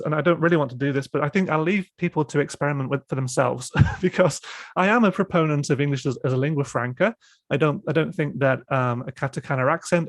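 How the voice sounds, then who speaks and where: A man presenting and demonstrating software in an online panel discussion, explaining step by step with many fillers and restarts. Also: medium pitch, no echo.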